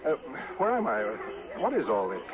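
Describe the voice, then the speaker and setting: A man's voice: on the high side, huge pitch swings, moderate pace, phone-quality sound, crowd noise. An actor playing a sheepish city man in a 1940s radio comedy, stammering through his lines, on a scratchy old broadcast. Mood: groggy. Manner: stammering, sheepish comic delivery. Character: city man tipsy on hard cider, later groggy.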